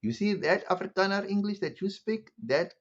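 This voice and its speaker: A man's voice: high voice, normal speed, dull audio. A man giving a sarcastic opinion commentary monologue, full of rhetorical questions. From South Africa. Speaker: online commentator.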